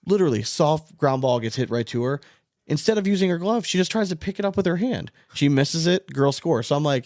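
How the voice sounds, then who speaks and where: A man's voice: a little high, animated, fairly quick, darkish tone, dry recording. Guy in his 30s rambling thru a story on a podcast, says like a lot, dry close mic. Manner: rambling storyteller, heavy use of "like". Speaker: podcast co-host. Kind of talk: casual chat.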